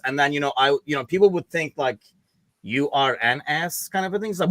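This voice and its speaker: A man's voice: mid-range voice, lively intonation, quick pace, fairly bright tone, dry recording. A man hosting a casual podcast, joking and loose, with profanity. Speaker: podcast host.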